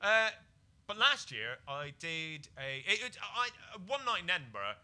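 A British man, a comedian guest, telling a comic story on a podcast, jumping between quiet mutters and excited bursts. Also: a little slow, clear, resonant tone. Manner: animated, swings from low mutters to excited bursts.

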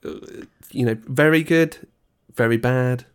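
A man's voice: mid-range voice, a little slow, smooth. Teasing man asking questions. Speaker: podcast co-host. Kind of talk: casual chat.

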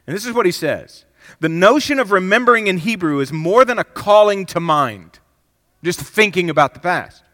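A man preaching a sermon as pastor, swinging from loud, emphatic bursts down to hushed, reflective passages. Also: high-pitched, animated, normal speed. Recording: long hall reverb.

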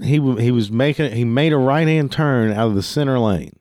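A man's voice: mid-range voice, a little fast, hardly any pauses, darkish tone, dry recording, studio quality. A man telling a heated, profane story in a casual storytelling style, swearing freely.

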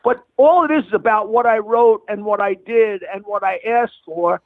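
High-voiced man on a dry phone line. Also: normal speed, dry recording. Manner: blunt, rambling with frequent restarts. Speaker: comedian guest. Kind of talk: phone interview, storytelling. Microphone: telephone.

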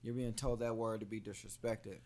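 A man's voice: on the low side, fairly even intonation, fairly quick, a little mellow. A young man co-hosting a casual podcast chat, earnest and argumentative. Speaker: podcast co-host.

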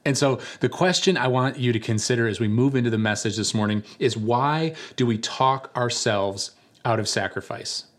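A man, a church pastor, giving a sermon in a relaxed storytelling way, sometimes acting out the people in his story. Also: mid-range voice, normal speed. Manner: conversational storytelling with animated voices for quoted characters.

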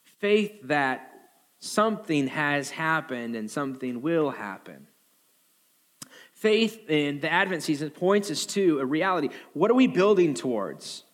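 A male pastor delivering a sermon in a lively, joking way, his voice sitting a bit high for a man. He slips into exaggerated voices for the people he quotes, then drops back to plain preaching. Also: measured pace. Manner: animated, jokey, acts out quotes in high voices.

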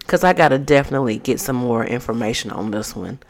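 A woman with a low voice hosts a casual vlog. She reads out advice and reacts with blunt, profane candor. She trails off into plenty of fillers as she goes. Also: lively intonation, fast talker, hardly any pauses. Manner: candid and profane, with frequent fillers. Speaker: vlog host. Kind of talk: casual chat, reading out viewer advice.

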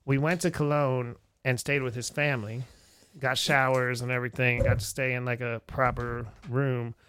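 A man's voice: mid-range voice, normal speed, smooth, no echo. A middle-aged man telling old travel stories in a casual conversation, acting out the voices of the people he quotes and using lots of "like" fillers. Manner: animated storyteller who acts out quoted voices, many "like" fillers. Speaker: podcast guest or host recalling old travels. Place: indoor room shared with a friend.

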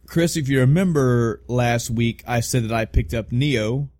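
A man's voice: medium pitch, unhurried, darkish tone, dry recording, studio quality. A man co-hosting a casual podcast, rambling and swearing with self-mocking humor. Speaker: podcast co-host. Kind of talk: casual chat.

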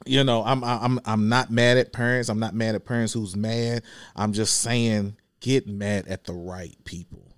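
Animated man telling a story in a dry room. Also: lowish voice, dry recording. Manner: animated, acts out scenes with quick voiced asides. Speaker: school bus driver, podcast guest. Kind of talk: casual podcast chat. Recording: dry close mic.

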